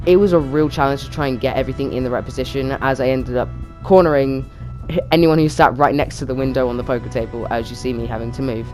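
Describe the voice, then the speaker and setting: A young man talks through his building project at a rapid clip, chatty and loose, full of ums and likes. His voice sits at an average pitch, and there is faint music behind him. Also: a little mellow. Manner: chatty, quick, with many fillers. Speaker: YouTuber narrating a build challenge. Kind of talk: casual gaming commentary.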